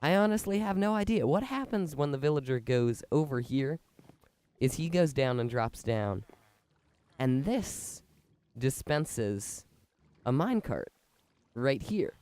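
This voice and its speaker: A man who is sick with a fever and sore when he talks, rambling excitedly as he explains a build in a gameplay commentary. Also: medium pitch, takes it slowly, pauses often. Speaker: video game commentator. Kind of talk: let's-play gameplay commentary.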